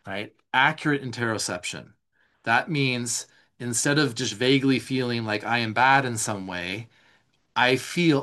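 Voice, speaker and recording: A man leading a live somatic class, reading notes aloud and explaining them in a relaxed, conversational way, responding to viewer questions. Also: medium pitch, unhurried. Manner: reads slides aloud, then explains in casual asides. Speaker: somatic teacher. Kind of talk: live online class teaching.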